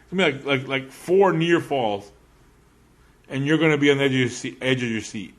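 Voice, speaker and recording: A man's voice: mid-range voice, expressive, brisk. A man co-hosting a casual wrestling podcast, teasing his co-host and laughing often. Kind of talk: casual wrestling predictions chat.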